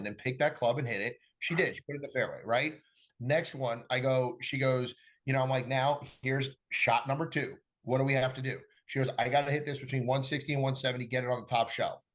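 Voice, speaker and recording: A middle-aged man, a golf coach, chatting casually on a podcast and acting out conversations as he tells stories. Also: mid-range voice. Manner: animated storyteller acting out dialogue.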